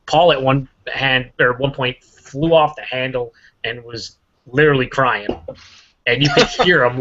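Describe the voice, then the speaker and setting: A man's voice: medium pitch, pushed and bright. A man telling stories in profane, casual chat banter. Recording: lo-fi webcam audio.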